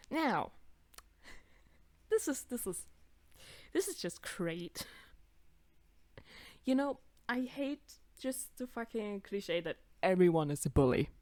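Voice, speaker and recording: Lively sweary young woman reacting. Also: on the high side, measured pace, pauses often, loud music behind the voice. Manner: sweary, laughing, reads character lines in put-on voices. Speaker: YouTuber reacting to her old videos. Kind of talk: casual reaction commentary.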